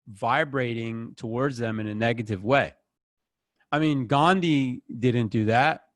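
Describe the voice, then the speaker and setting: A man's voice: medium pitch, no echo, clean studio sound. A man leading a group session over a video call, talking in a casual, rambling, encouraging way.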